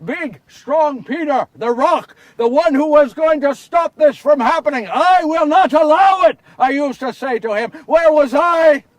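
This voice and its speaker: An actor playing the remorseful apostle Peter in a confessional first-person monologue, moving between hushed and impassioned. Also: male voice, very high voice, moderate pace, hardly any pauses, dry recording, distant mic. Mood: anguished. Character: Simon Peter, remorseful grown man apostle. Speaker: actor in a one-man biblical portrayal.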